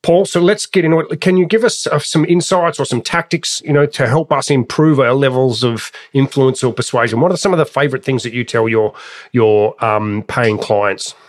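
A man's voice: mid-range voice, normal speed. A man hosting a sales podcast, asking questions in an easygoing, somewhat hesitant way. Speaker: podcast host. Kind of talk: podcast interview.

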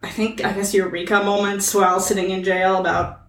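A woman's voice: medium pitch, flat delivery, brisk, roomy sound, distant mic, low-quality recording. A woman co-hosting a podcast, recapping a movie with hesitant, amused hedging. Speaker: podcast co-host. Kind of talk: casual chat, summarizing a film plot.

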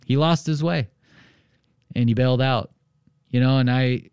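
A man's voice: medium pitch, a little slow, clean tone, dry recording. A man in a mid-range voice tells stories on his podcast in a loose, conversational way, leaning on "you know" as he goes. The recording is close and dry, with no room sound. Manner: animated storytelling, many "you know" fillers. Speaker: real estate podcast host. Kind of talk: casual solo podcast monologue.

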